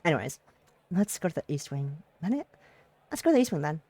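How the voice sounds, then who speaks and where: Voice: medium pitch, sing-song, quick pace, warm tone, dry recording. A streamer reading a visual novel's dialogue aloud during a live stream, teary and emotional, breaking into swearing outbursts between lines.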